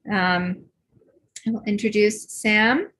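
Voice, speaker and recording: A woman's voice: mid-range voice, slow, fairly bright tone. A woman hosting an online event over a video call, enthusiastic and full of fillers as she introduces a guest. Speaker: host.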